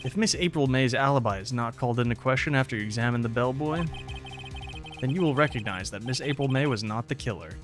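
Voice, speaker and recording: A man's voice: medium pitch, quick pace, over music, natural voice. A man voicing a smug, cold male prosecutor in a courtroom game, with clipped, haughty delivery. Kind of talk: reading a game's dialogue aloud.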